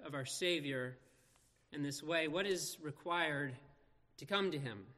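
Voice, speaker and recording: A man preaching in an earnest, measured way, leaning on slow pauses for emphasis. His voice sits a little higher than most men's. The words ring out with the long reverb of a big church hall. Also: pushed and bright. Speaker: pastor. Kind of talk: scripture reading and sermon.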